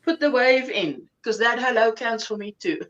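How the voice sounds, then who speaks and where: A woman's voice: on the high side, moderate pace, a bit bright, dull audio. A woman from South Africa hosting a casual livestream at home, chatting and greeting viewers by name. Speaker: livestream host. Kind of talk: casual chat reading out viewer comments.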